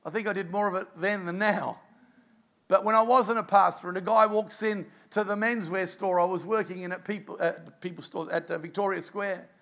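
A middle-aged Australian pastor preaches a sermon, animatedly telling a personal story punctuated by quiet asides. His voice is high-pitched and he speaks at a normal speed.

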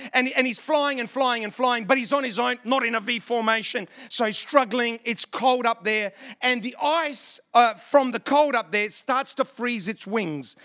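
A man's voice: high voice, bright, forceful tone. A middle-aged man preaching a sermon, telling a folksy story and joking with the congregation. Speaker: pastor.

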